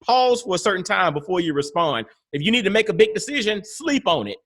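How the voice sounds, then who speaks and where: A man hosting an interview podcast, lively and affirming, with many fillers and exclamations. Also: sits high, fairly quick. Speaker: podcast host. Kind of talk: conversational interview.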